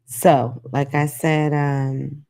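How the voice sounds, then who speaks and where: A woman's voice: deep voice, little pitch movement, drawn-out words, creaky, mellow. A woman hosting a call-in talk show, talking frankly and sassily, laughing at her own jokes. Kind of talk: live call-in show monologue.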